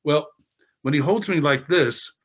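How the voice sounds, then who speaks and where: A man's voice: a little high, unhurried, slightly rough. A man telling a story as an interview guest, acting out the people in it and laughing as he goes. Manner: expressive, acts out the people in his story. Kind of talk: animated storytelling.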